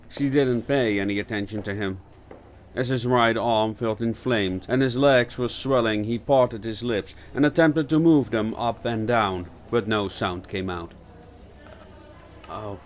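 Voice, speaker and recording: A man narrating an audiobook in a measured storytelling delivery. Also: mid-range voice, slight background noise. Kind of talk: scripted narration.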